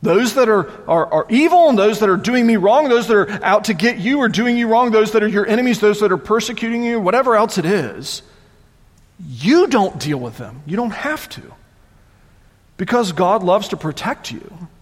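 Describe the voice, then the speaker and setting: A man preaching a sermon as pastor, conversational and animated, often repeating words as he goes. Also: high voice, moderate pace, big-room sound.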